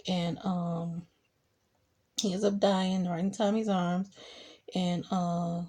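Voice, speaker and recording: A young woman with a husky, mellow voice gives a casual recap of a TV episode. She tells it in an animated way and slips into short acted quotes of the characters. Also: fairly low pitch, slow pace. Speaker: TV show reviewer.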